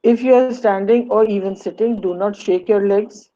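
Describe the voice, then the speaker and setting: A woman's voice: mid-range voice, moderate pace, mellow, lo-fi sound. A woman with an Indian English accent giving a webinar lecture, teaching in an instructive way, asking rhetorical questions and slipping into Hindi. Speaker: webinar speaker on communication skills.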